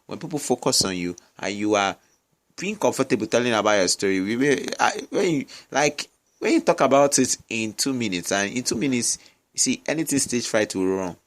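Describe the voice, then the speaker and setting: Brief: male public speaking coach, mid-pitched voice, repeats himself for emphasis, webinar talk. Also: animated, fairly quick. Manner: emphatic, repeats key phrases, frequent "I get me?" check-ins. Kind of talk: webinar teaching. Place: noisy surroundings with distractions.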